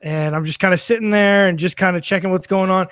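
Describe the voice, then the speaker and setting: A man's voice: high-pitched, fairly even intonation, fast, fairly bright tone, clear, resonant tone, no echo, clean studio sound. A man telling a long anecdote on a casual podcast, with lots of fillers, restarts and swearing, laughing as he goes. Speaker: podcast guest or co-host. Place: studio filmed for video.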